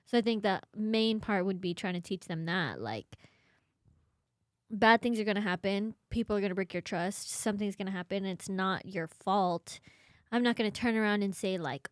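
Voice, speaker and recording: A young woman co-hosting a casual podcast, lively, laughing, and saying "like" a lot. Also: mid-range voice, moderate pace, dry recording, clean studio sound. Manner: lively, laughs, uses "like" often. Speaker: podcast co-host. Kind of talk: casual chat.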